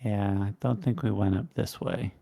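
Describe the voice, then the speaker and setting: A man's voice: on the low side, gravelly, warm tone, dry recording, studio quality. A man playing a tabletop game, musing aloud with many hums in casual chat. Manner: slow, musing, lots of hums. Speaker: player.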